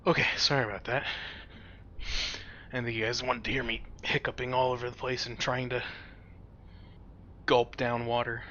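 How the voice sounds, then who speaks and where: Man, streamer, casual gameplay chat, excitable, bright tense tone. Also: medium pitch, moderate pace, long pauses, muffled recording, slight background noise. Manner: chatty, excitable, talks back to his cat. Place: home with a cat nearby.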